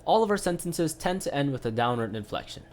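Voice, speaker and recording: A man's voice: fairly high pitch, big pitch swings, fast talker, a little mellow, a little hiss or hum. A man giving a casual online piano lesson, explaining step by step with lots of "right?" tag questions and filler sounds. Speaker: piano teacher.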